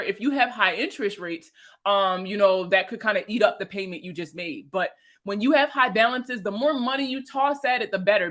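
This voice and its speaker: Animated Baltimore woman chatting with viewers. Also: mid-range voice. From Baltimore, USA. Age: around 30. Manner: animated, slangy and profane, laughs often. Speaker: host answering viewer comments. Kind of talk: casual livestream chat.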